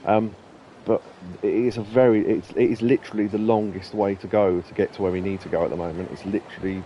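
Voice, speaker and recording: A man's voice: on the low side, fairly even intonation, fast, dull audio, slight background noise. A man hosting a let's play, talking casually and rambling through anecdotes while he plays. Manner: chatty, rambling, laughs at his own stories. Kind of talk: casual gameplay commentary.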